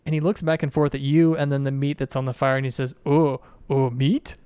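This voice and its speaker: Clear-voiced man narrating as game master. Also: medium pitch, fast, no room sound, studio quality. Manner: relaxed, descriptive narration.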